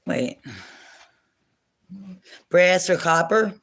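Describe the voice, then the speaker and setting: A woman's voice: fairly low pitch, steady tone, extremely slow, fairly bright tone. A woman hosting a casual livestream from home on her phone, rambling and chatty, laughing often and swearing now and then. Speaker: livestream host.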